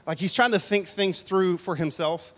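A man's voice: high-pitched, moderate pace. A man preaching a casual, conversational sermon to a congregation on a handheld mic, with joking asides. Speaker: pastor. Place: church hall with audience. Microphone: handheld microphone. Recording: long hall reverb.

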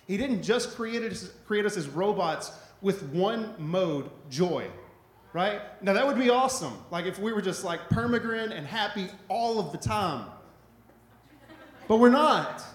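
High-voiced pastor in an echoey room. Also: male voice, lively intonation, measured pace. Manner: conversational, repetitive, asks "right?" often. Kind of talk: sermon.

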